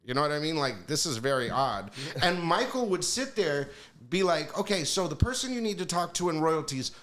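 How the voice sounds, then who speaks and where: Higher-voiced man telling animated stories. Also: a little fast. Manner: animated, profane, acts out quoted voices. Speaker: podcast guest. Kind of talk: casual storytelling.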